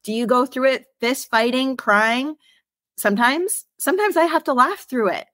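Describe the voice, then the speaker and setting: A woman's voice: high-pitched, normal speed, a bit bright, no echo. A woman from Canada hosting a podcast, talking in an emphatic, motivational way and swearing casually. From Greater Toronto Area, Canada. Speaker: podcast host. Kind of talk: casual conversational interview.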